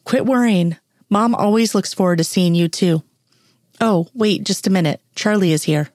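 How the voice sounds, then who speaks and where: A caring woman agent who soothes her injured partner, read by a woman in her own voice. She speaks in a warm, reassuring tone. The sound is dry and close. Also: mid-range voice, normal speed, dry recording, close to an everyday voice. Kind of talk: reading fan fiction aloud.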